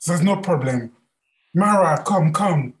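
A man voicing a calm, kind spiritual teacher who speaks gently and soothingly. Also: on the high side, slow, voice pushed up. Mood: welcoming.

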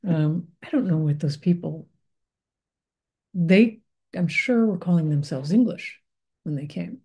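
A middle-aged American woman muses aloud in a reflective spiritual talk, circling back on her words with frequent fillers and restarts. Her voice sits on the lower side and has a mellow, warm tone. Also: animated, slow pace, pauses often, breathy edge. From United States. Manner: thoughtful, meandering, many fillers and restarts.

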